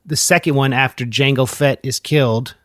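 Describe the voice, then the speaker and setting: A man's voice: mid-range voice, steady tone, moderate pace, fairly bright tone, no room sound, clean studio sound. A man hosting a podcast, chatting eagerly and jumping from one tangent to the next. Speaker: podcast host. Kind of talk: casual chat.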